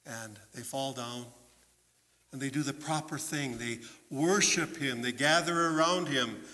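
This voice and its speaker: A man preaching as a pastor in a church, telling a story in an animated way and putting questions to his listeners. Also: mid-range voice, a little slow. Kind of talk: children's sermon storytelling. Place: church sanctuary. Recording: long church reverb.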